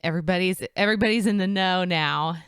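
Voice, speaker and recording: A woman's voice: lowish voice, fast, a bit bright, clean tone, no room sound, studio quality. A pregnant woman co-hosting a podcast, chatting in a bubbly, teasing way. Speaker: co-host. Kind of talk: casual chat.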